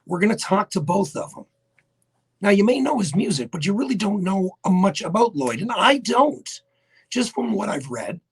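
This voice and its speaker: A man with a Newfoundland accent hosting a live radio show, hoarse and raspy from laryngitis, chatting casually and greeting viewers by name. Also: sits high, big pitch swings, moderate pace. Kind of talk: casual live-stream chat. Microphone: webcam setup for live video.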